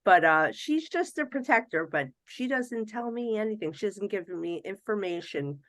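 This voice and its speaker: A woman psychic medium, a podcast guest telling animated stories in a chatty, casual way with lots of "you know". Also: mid-range voice, normal speed, no room sound, clean studio sound. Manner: animated, swings between hushed and excited.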